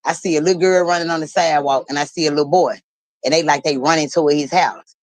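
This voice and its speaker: A woman hosting a livestream, telling a story in an animated, blunt and profane way and laughing as she talks. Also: low voice, fast, no echo, low-quality recording. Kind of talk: casual storytelling.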